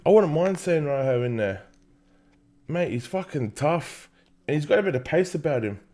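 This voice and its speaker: A young man with a fairly high, expressive, mellow voice hosts a football watchalong at a moderate pace. His live match commentary is casual and passionate, with frequent swearing.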